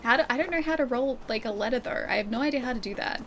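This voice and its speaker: A woman's voice: a little high, very fast, background noise. A woman with an Australian accent, chatting casually with her viewers while she plays a game live, laughing often and answering chat. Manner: chatty, giggly, reads chat aloud. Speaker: livestreamer.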